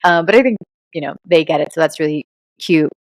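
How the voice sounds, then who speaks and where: A Cuban-American woman, a guest on a podcast, chatting casually and telling animated stories with plenty of fillers. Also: deep voice, brisk, no room sound. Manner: animated storyteller, many fillers. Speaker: guest, intuitive reader and author.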